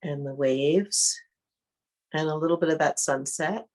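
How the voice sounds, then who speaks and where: A woman leading an online art workshop, calmly thinking aloud as she demonstrates each step. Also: low-pitched. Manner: calm, unhurried, thinks aloud while demonstrating. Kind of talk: online interactive workshop teaching.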